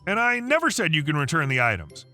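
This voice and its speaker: A petite young female shop clerk who answers calmly and matter-of-factly as a man voices her. Her tone is bright and lifted, moving lively in pitch. Soft music runs underneath. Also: fast talker, exaggerated voice. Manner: calm, matter-of-fact. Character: small calm young female coworker, matter-of-fact.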